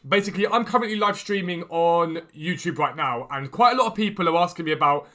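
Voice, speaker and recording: A man hosting a gaming livestream, chatting quickly and enthusiastically as he trades and answers questions from chat. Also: a little high, expressive, fairly bright tone. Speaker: gaming streamer and video host. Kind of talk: casual livestream chat while trading in a football game. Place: room at home with a door.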